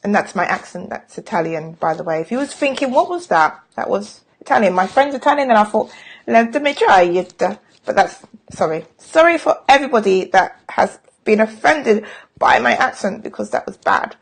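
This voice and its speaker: A woman's voice: mid-range voice, animated, normal speed, gravelly. A middle-aged woman talking casually on a live stream as a sales coach, frank and chatty, with self-mocking jokes.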